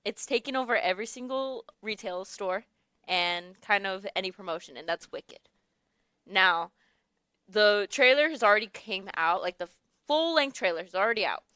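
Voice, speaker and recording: The radio host is a young adult woman with a mid-range, expressive voice that's bright and forceful yet smooth, moving at a moderate pace. She chats casually in the studio, laughing a lot and groping for words, recorded dry on a studio mic.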